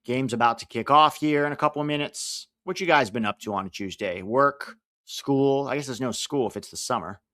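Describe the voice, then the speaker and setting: A man's voice: mid-range voice, fairly quick, a bit bright, no room sound, studio quality. Chatty American man hosting a stream. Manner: chatty, reads out lineups and chat messages. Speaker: live stream host. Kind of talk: casual live watch-along chat.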